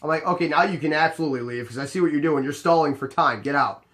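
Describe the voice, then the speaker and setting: A young man casually telling a story about his job as a bar bouncer, animated and exasperated, acting out both sides of the conversation. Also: on the high side, quick pace.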